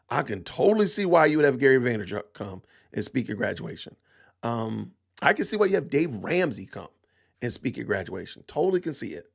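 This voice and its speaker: A mid-range, creaky voice with a breathy edge belongs to a middle-aged man hosting a podcast. He gives opinionated commentary, hammering home emphatic rhetorical questions and lots of repetition.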